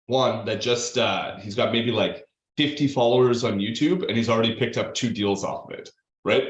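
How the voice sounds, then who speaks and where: Low-voiced host in a roomy space. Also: male voice, highs cut off. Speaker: host, brokerage leader. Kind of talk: interview questions.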